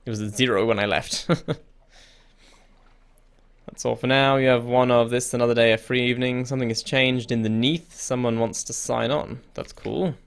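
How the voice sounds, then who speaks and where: A man's voice: mid-range voice, steady tone, normal speed, gravelly, clean tone. A man giving casual gameplay commentary, reading the game's text aloud, laughing often and sounding easily confused, with a casual swear now and then. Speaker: let's play gamer.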